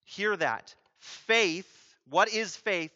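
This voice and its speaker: Drawing out his words, a man preaches as pastor with emphasis, rhetorical questions and repeated key phrases, alternating loud urgency with a low hush. The recording is muffled.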